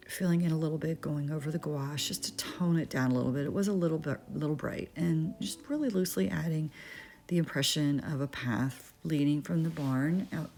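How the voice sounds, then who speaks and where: Low, gravelly-voiced woman teaching painting. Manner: relaxed, thinking aloud with fillers and restarts. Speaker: art instructor. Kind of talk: painting tutorial narration. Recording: faint music behind.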